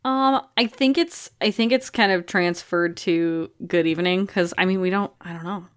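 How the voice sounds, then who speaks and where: A woman's voice: mid-range voice, moderate pace, clear, resonant tone. A woman playing her character in a tabletop game, talking casually and hesitantly, often trailing off. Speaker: player.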